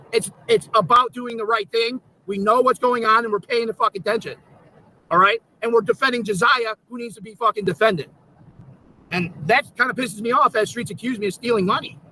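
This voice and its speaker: High-pitched, indignant man on a swearing rant. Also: bright, forceful tone, rough recording. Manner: swears constantly, repeats himself, indignant. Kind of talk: angry livestream rant.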